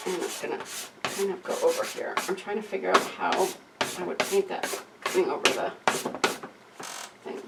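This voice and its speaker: A woman's voice: lowish voice, normal speed, pauses often. A woman painting with pastels, chatting casually and thinking aloud with lots of hesitations. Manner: self-talk, thinking aloud, frequent hesitations. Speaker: self-taught painter. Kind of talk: casual narration while painting. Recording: distant mic with clear background noise.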